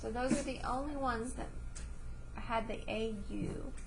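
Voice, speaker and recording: Slow, patient woman teacher. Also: fairly high pitch, fairly even intonation, noisy background. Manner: patient, slow, repeats each word and sound clearly. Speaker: elementary school teacher. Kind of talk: classroom spelling lesson. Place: classroom.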